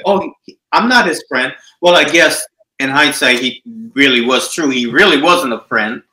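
A man on a casual podcast, slowly telling a story about a phone call. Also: fairly high pitch, pushed and bright. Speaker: podcast co-host. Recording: echoey room.

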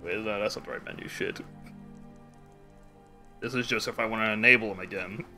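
A man's voice: on the low side, fairly even intonation, a little fast, pushed and bright, soft background music. A man streaming a game live, rambling casually, swearing freely and laughing often. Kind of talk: casual gameplay chat.

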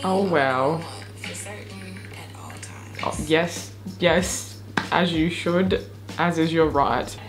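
A woman's voice: low-pitched, very slow, long pauses, music in the background. Giggly, sweary Australian woman. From far North Queensland, Australia. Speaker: YouTuber reacting to videos. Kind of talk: casual reaction commentary.

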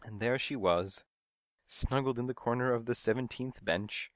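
A man's voice: mid-range voice, moderate pace, no echo. A man narrating a first-person storybook mystery in a dry, wry manner. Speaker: audiobook narrator.

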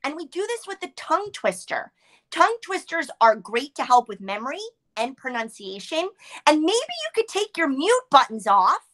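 High bright-voiced woman leading warm-ups. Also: big pitch swings, normal speed. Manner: upbeat, coaching, playful. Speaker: warm-up leader. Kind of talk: guided group warm-up exercises.

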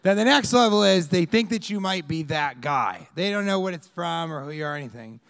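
Man, stand-up comedy, rambling crowd work, gravelly voice, very animated pitch. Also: a little fast. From Colorado, US. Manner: rambling, shouts bits of crowd work, acts out fans yelling. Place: comedy club stage with a live audience.

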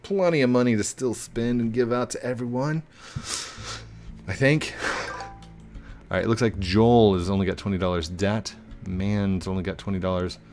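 A man giving chatty live commentary while playing an online game, talking to other players and getting excited when he finds someone. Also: fairly low pitch, normal speed, pauses often, soft background music. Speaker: gaming YouTuber.

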